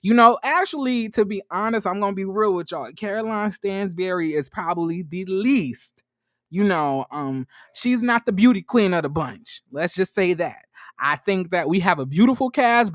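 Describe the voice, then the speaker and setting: A man's voice: expressive, moderate pace, no echo, clean studio sound. Sassy, blunt man ranting casually. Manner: sassy, blunt and profane, with filler-heavy rambling; voice jumps high and loud when riled. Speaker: commentary vlogger. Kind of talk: casual reality TV recap commentary.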